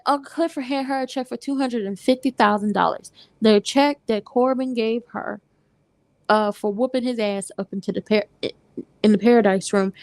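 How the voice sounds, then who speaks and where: A woman hosting a casual TV recap, talking in a sassy, animated way and acting out lines from the scenes. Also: on the high side, no room sound. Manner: animated, sassy, retells scenes with quoted voices. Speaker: recap host.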